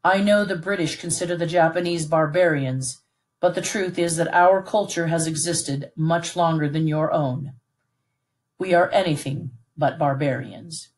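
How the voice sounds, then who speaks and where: A woman reading aloud who voices a stern, composed middle-aged army colonel in a calm, formal, measured way. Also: deep voice. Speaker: read-aloud narrator voicing a character.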